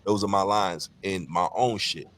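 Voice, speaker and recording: A man's voice: deep voice, fairly even intonation, moderate pace, a bit bright, slight background noise. A man co-hosting a casual podcast, talking candidly and profanely and telling stories. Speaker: podcast co-host.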